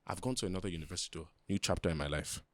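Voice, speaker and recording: Animated young man. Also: low voice, very fast, no room sound. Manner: animated storyteller, slangy, acts out quoted voices. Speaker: podcast co-host. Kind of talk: casual storytelling chat.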